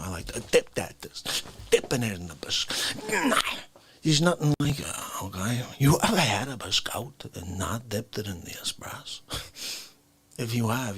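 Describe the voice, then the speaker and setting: A man puts on an indignant Bronx Italian tough guy, whose husky voice leaps from sharp shouts down to hushed, hissing whispers. He talks slowly, drawing out every word, with a bright, forceful edge, close and dry on the mic. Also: mid-range voice, heavily acted. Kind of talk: comedic character monologue.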